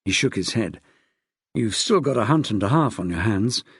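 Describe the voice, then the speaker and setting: A man narrating an audiobook in an expressive way, shifting his pitch for the characters. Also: normal speed, slightly rough, dry recording, clean studio sound. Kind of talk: scripted narration.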